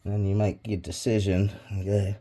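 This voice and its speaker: A lowish, warm male voice with a flat delivery and moderate pace belongs to a crafting vlogger making clay pots on camera. He rambles, swears freely, and often mutters asides under his breath during this laid-back tutorial.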